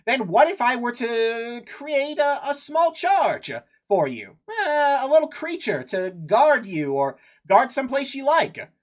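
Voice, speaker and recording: A man's voice: very high voice, big pitch swings, unhurried, few pauses. A man running a tabletop game as game master, his throat sore from doing voices. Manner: voices several figures, laughs often.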